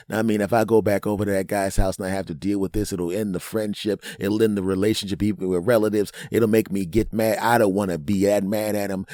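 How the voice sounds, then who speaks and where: A man's voice: sits low, fairly even intonation, moderate pace, dark tone, dry recording, clean studio sound. A man hosting a comedic podcast monologue, rambling through jokey asides and often tossing in a "right?". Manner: rambling, keeps asking "right?". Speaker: podcast host.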